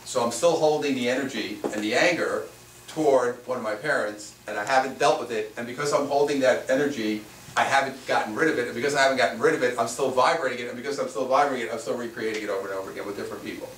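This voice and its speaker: Spiritual teacher, echoey distant room. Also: male voice, medium pitch, fast, a bit bright. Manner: repetitive, asks rhetorical questions. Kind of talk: workshop teaching to a live audience. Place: room with a small live audience. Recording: echoey room, mic far off, faint noise.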